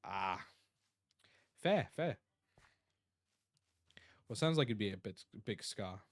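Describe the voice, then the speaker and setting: A man's voice: on the low side, expressive, takes it slowly, vocal fry, dry recording, clean studio sound. A tired Australian man chatting casually on a live stream, rambling and reading out chat messages. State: tired, yawning.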